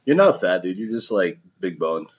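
A man's voice: deep voice, sing-song, normal speed, crowd noise. A man hosting a casual podcast, joking and teasing his friends and laughing often. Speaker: podcast host. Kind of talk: casual banter.

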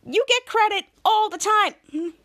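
A woman voicing a dry, sarcastic teenage girl, speaking deadpan. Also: very high voice, a little slow, pitched above the performer's own voice, heavily acted.

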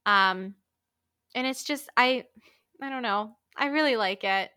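A woman in her twenties hosting a casual solo podcast, gushing and animated, full of fillers and little laughs. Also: fairly high pitch, unhurried, clean tone, no echo, studio quality. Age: 20s. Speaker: podcast host.

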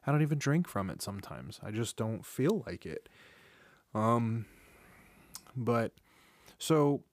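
Speaking slowly with lively intonation, a medium-pitched man in his thirties hosts a solo podcast in studio quality with no echo. The talk is a candid, confessional ramble, heavy on swearing and restarted sentences, and he sounds tired, yawning along the way.

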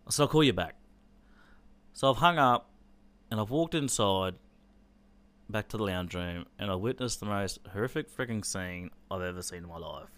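A man's voice: lowish voice, animated, moderate pace, pauses often, fairly bright tone. An Australian man telling a personal story in an intense, blunt way, swearing freely.

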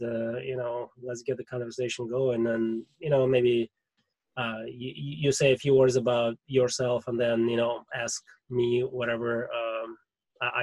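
A man with a Russian accent hosting a podcast, rambling in a relaxed, hesitant way over a video call. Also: medium pitch, dry recording, rough recording. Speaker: podcast host. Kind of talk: casual video-call conversation.

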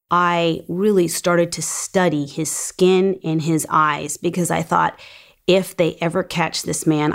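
Low-voiced woman calmly recounting. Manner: calm, measured storytelling. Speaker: attack survivor telling her story. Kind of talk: recounted personal testimony.

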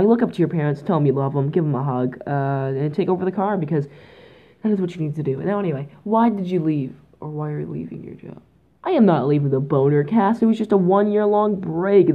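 Teen Canadian girl, low-voiced, goofy solo podcast host, rambling, phone-quality audio. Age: teens. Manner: goofy, rambling, mock-dramatic. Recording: tinny phone-like home mic.

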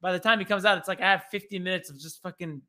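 Bright-voiced man telling a rambling story. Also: high voice, racing. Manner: rambling, animated, swears freely. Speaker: podcast host. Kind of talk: casual comedic storytelling. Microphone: online podcast studio, remote recording.

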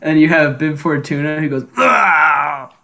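A young man co-hosting a casual podcast, laughing often as he runs through quick grunts and death-cry impressions. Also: a little high, a bit bright, a little hiss or hum. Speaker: podcast co-host. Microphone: home microphone.

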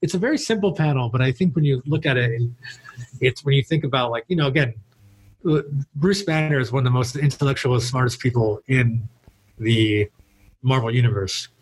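A man's voice: mid-range voice, brisk, slightly rough, poor audio. A man hosting a casual podcast discussion in an easygoing way, reading passages aloud and then giving his take. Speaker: podcast host.

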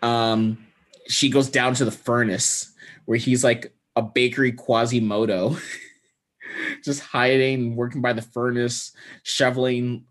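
Animated, swearing male podcast co-host. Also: medium pitch. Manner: animated, profane, quick plot recapping. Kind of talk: casual podcast chat.

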